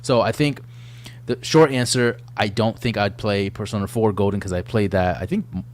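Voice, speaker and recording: A man in his thirties co-hosting a gaming podcast, talking in a relaxed, rambling way with lots of fillers. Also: lowish voice, moderate pace. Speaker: podcast co-host. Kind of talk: casual chat.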